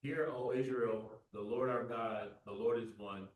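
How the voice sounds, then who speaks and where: A man's voice: mid-range voice, steady tone, measured pace. Man reading scripture from across a room. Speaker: pastor reading scripture aloud. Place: church classroom. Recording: quiet, roomy, far from the mic.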